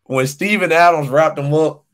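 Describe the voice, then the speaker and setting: A man's voice: fairly high pitch, normal speed, a crowd in the background. A young man co-hosting a casual sports podcast, ranting animatedly and repeating his points for emphasis. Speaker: podcast co-host.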